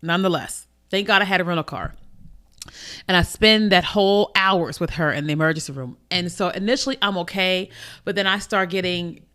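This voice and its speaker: Woman, podcast host, personal storytelling, slightly low voice, emotional, conversational. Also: a little fast, bright, forceful tone. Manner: emotional, conversational, repeats phrases.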